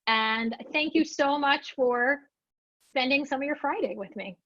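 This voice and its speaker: Lively woman trainer on dull webinar audio. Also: high-pitched, unhurried, no echo. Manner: lively, expressive, acts out her own lines. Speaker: storytelling trainer presenting a webinar. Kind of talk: animated storytelling presentation.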